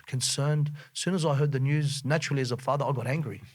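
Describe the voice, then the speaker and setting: Middle-aged aussie guy telling his story, earnest, livens up when he acts out scenes, mid pitch. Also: fast. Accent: Australian. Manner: earnest, gets more animated when retelling scenes. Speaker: guest. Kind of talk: heartfelt personal storytelling.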